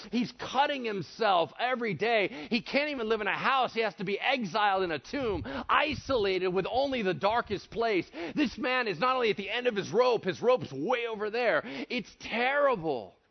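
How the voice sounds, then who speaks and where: A man preaching with a lively, swooping voice pitched a bit high. He is animated and jokey, and he acts out voices as he goes. The recording is dull and lo-fi. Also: moderate pace, few pauses. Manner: animated, jokey, acts out voices, shifts between loud and hushed. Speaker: pastor. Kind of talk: animated sermon. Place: church room with audience.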